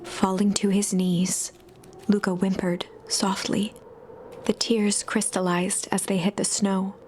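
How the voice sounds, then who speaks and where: A woman narrating a video game in a soft, even storytelling voice, sometimes dropping to a whisper. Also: mid-range voice, takes it slowly, a little hiss or hum, lightly acted.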